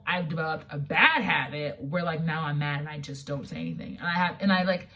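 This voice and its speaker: Casting: woman in her twenties, low voice, lively storyteller heard a little far from the mic. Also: fairly quick. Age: 20s. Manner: animated storytelling, acts out quotes, many fillers. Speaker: guest. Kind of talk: casual chat.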